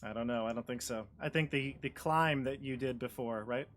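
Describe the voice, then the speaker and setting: An easygoing man runs a tabletop game as dungeon master, patiently walking the players through the rules. He speaks at a middling pitch and comes through a video call with a faint hiss behind him. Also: a little fast, fairly bright tone.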